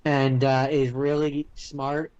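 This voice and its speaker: A man co-hosting a casual movie podcast, talking in a rambling, halting way with lots of fillers and restarts. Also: medium pitch, little pitch movement, darkish tone, clean tone, no echo, dull audio. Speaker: podcast co-host. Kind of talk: casual chat.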